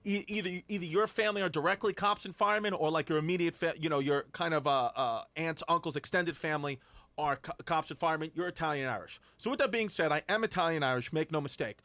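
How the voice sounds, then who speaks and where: A man's voice: on the high side, quick pace, bright, forceful tone, no room sound. A man in his forties co-hosting a comedy podcast, rambling with restarts and swearing freely. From Brooklyn. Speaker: podcast co-host. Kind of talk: casual comedic banter.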